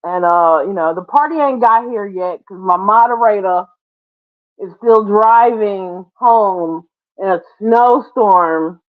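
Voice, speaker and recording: Brief: playful woman hosting a live chat, middle pitch, laughing easily, thin phone-like audio. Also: slow pace. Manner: chatty, laughs often, playful asides. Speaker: livestream host. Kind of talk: casual live-stream chat. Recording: tinny phone-like sound.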